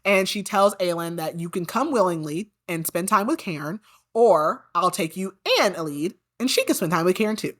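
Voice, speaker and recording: A woman's voice: on the low side, a bit bright. A woman hosting a podcast, recapping a book in a casual, chatty way, full of "like" and indignant asides about the characters. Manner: chatty, peppered with "like". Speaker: podcast host.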